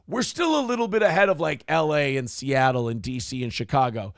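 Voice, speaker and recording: A man's voice: fairly high pitch, expressive, brisk, dry recording, clean studio sound. A man from Minnesota hosting a casual commentary show, ranting sarcastically and swearing freely. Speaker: host.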